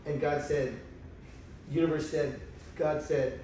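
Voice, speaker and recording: Animated man telling his story in an echoey room. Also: fairly high pitch, fairly quick. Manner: animated, emotional, acts out quoted voices. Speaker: guest telling his spiritual experiences. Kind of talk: casual storytelling conversation. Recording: echoey room, far from mic, faint noise.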